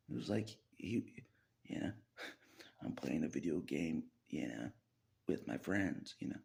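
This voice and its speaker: A man's voice: a bass voice, very animated, takes it slowly, vocal fry, pauses often, darkish tone. A man talking through a rambling personal monologue, chuckling often and dropping into half-whispered asides. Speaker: vlogger.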